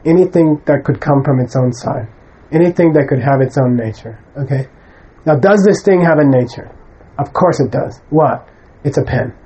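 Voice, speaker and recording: Man, teacher, slightly high voice, casual lecture, blunt and emphatic, frequent "okay?". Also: moderate pace, hardly any pauses, mellow, breathy edge, low-quality recording. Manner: conversational, keeps checking in with "okay?"; emphatic, bluntly dismisses wrong views. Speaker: Buddhist teacher. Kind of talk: lecture to students.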